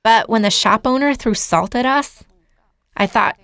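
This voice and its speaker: A woman's voice: medium pitch, expressive, normal speed, gravelly, a bit bright, no room sound. A woman giving a lecture as an earnest personal testimony, telling her story to a seminar audience. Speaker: seminar speaker.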